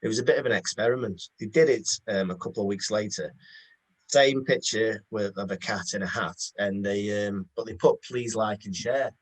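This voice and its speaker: A man's voice: lowish voice, brisk, slightly rough, poor audio. A man giving conversational business advice, telling anecdotes hesitantly with many ums.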